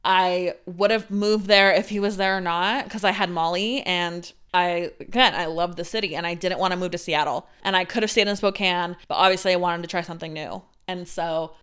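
A woman's voice: fairly low pitch, fairly even intonation, normal speed, few pauses, fairly bright tone, clear, resonant tone. A woman in her twenties hosting a podcast, telling a personal story in a candid, sweary way with frequent laughs. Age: 20s. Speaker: podcast host.

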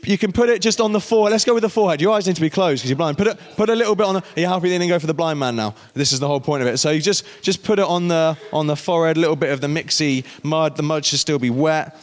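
Guy doing a youth talk, playful, bossing volunteers around, high voice, big hall echo. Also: very fast, few pauses. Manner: playful, directs volunteers on stage. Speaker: guest youth speaker.

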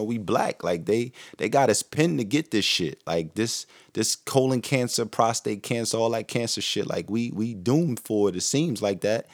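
A man in his thirties hosting a podcast, casual and profane, who grows animated when he preaches to listeners. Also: lowish voice, dry recording, clean studio sound. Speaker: podcast host.

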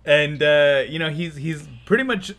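A man's voice: fairly high pitch, normal speed, fairly bright tone. A man co-hosting a podcast, casually retelling a film scene by scene and laughing often. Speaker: podcast co-host. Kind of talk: casual chat recapping a film.

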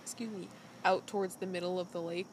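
A woman's voice: lowish voice, fairly even intonation, fast, slight background noise, rough recording. A woman co-hosting a podcast in casual chat, recapping a show as a chatty storyteller full of "like" fillers. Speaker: podcast co-host.

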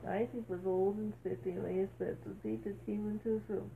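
A woman reading a bible story aloud, halting and correcting herself as she goes. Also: mid-range voice, steady tone, gravelly. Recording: tinny phone-like sound, faint hiss.

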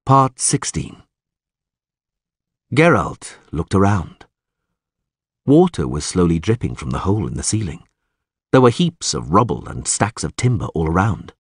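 A man narrates a fantasy audiobook with lively, dramatic swings in his reading. His voice is low and husky. It is recorded dry and close, with no room sound. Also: a little slow, long pauses, dry recording.

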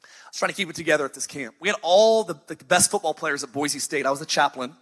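High, bright-voiced male pastor preaching. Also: breathy edge. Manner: emphatic, storytelling with sighs and dramatic pauses. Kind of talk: sermon. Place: church sanctuary, live. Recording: faint music behind.

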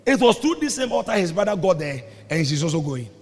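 A man preaching a sermon as pastor, breaking into shouts and sung phrases, recorded in a reverberant church hall with music behind. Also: high voice, sing-song, fast talker, slightly rough.

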